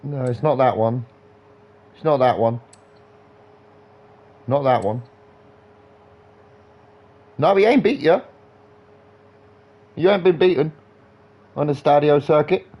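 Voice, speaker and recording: A woman's voice: deep voice, slow, long pauses, muffled recording. A woman livestreaming a racing game, giving casual commentary with teasing banter and free swearing. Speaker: gaming livestreamer. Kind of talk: casual live gaming commentary.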